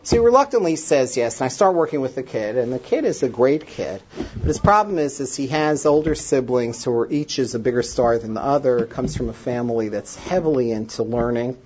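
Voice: mid-range voice, lively intonation, a little fast, a little mellow, muffled recording, a little hiss or hum. Therapist telling a story with emotion. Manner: emotional, with many fillers and restarts. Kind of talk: storytelling talk to an audience.

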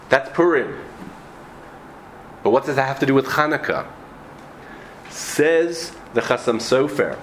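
A man teaching a Talmud lesson in a mid-pitched voice that swings high and low as he poses and answers questions. He restarts phrases often and clears his throat now and then. A faint hiss sits behind him. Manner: animated, rising to questions, frequent restarts and coughs. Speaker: Torah teacher. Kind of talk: Talmud lecture.

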